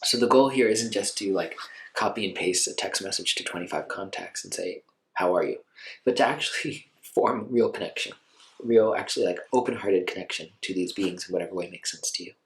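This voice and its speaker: Man, lowish voice, meditation teacher, relaxed conversational delivery, lots of filler words. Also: fairly quick, low-quality recording. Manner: conversational, gentle, many fillers like "like". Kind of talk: informal dharma talk.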